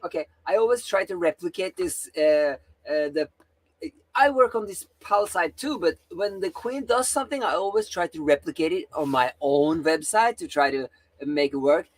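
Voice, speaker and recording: A playful man co-hosting a casual live coding stream, teasing and animated. His pitch swings widely and he stumbles over his words in bursts. He sounds close and dry on the mic. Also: normal speed, no echo. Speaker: co-host.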